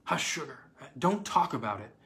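A man reading aloud and voicing a calm young woman who soothes her children briskly. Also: medium pitch. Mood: soothing. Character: calm young mother, gentle and practical.

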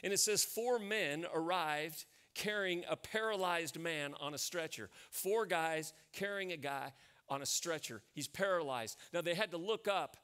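A man's voice: on the high side, fairly bright tone. Man, American accent, pastor, sermon, storytelling, emphatic, repeats phrases.

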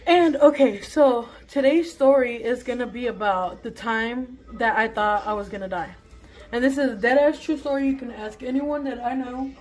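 A woman's voice: fairly high pitch, low-quality recording. A young woman tells a casual storytime vlog, chatty and swearing freely. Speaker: vlogger.

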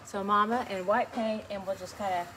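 A woman with a mid-range voice leads a beginners' painting lesson, talking through each stroke as she works. Her manner is chatty and encouraging. Steady background noise sits clearly behind her voice. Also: medium pitch, a little fast. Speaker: painting instructor. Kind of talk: relaxed step-by-step painting tutorial.

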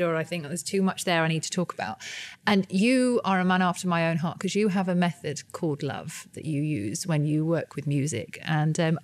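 A woman hosting a podcast interview in a studio, chatty, upbeat and a little self-deprecating. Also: fairly low pitch. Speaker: podcast host. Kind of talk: casual interview. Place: new studio. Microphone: studio microphone.

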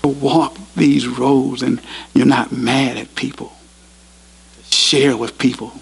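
Pastor, husky gravelly voice, earnest preaching. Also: male voice, mid-range voice, level tone, takes it slowly, rough recording. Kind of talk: sermon. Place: university chapel.

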